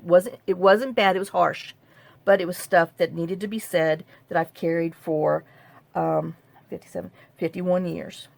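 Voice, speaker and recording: Gravelly-voiced woman telling a rambling story. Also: lowish voice, darkish tone. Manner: rambling, self-interrupting, half-joking. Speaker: craft vlogger. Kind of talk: casual storytelling to camera.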